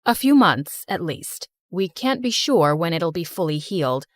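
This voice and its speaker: A woman voicing a doctor who delivers news in a measured, matter-of-fact way. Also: medium pitch, big pitch swings, dry recording, clean studio sound, voice pushed down. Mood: sober. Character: doctor giving calm bad news.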